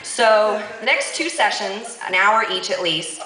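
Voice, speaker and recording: A woman telling a comic story on stage to a live audience, sassy and quick to laugh, with lively asides. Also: mid-range voice, echoey room, low-quality recording.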